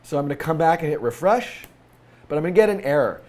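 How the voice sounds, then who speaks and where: A man's voice: a little high, animated, fast talker, a little mellow. A man with a scratchy voice from a cold, hosting a live-coding tutorial and thinking aloud with frequent fillers.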